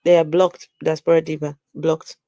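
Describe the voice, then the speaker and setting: A woman hosting a casual livestream chat, animated and exclaiming as she reads viewer comments aloud. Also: sits low, moderate pace, dry recording, studio quality. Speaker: channel host.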